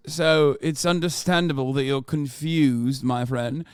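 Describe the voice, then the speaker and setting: A man's voice: a little high, steady tone, fairly quick, hardly any pauses, clear, resonant tone, no room sound, studio quality. An American man in his thirties doing heated, profane live-stream commentary, reading chat and articles aloud. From United States. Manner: heated and profane, slips into a mock British banter voice.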